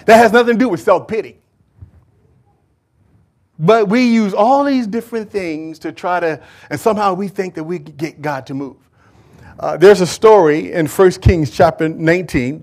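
A male preacher delivering a sermon, retelling a Bible story in a lively, conversational way and swinging between loud and hushed delivery. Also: high voice. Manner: animated storytelling, acting out biblical figures.

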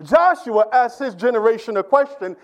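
A man with a strikingly high-pitched voice delivers a sermon from the pulpit of a church. He starts out conversational, then builds into emphatic, repetitive preaching, pressing his congregation with questions. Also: expressive, moderate pace. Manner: rising into emphatic preaching with repeated calls to the congregation. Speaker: pastor.

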